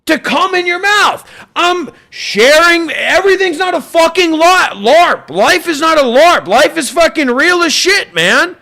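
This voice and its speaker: High, gravelly, profane ranting man. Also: sing-song, unhurried, few pauses, sharp tone. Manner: profane, intense, combative. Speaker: livestream host, former monk. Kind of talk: livestream rant.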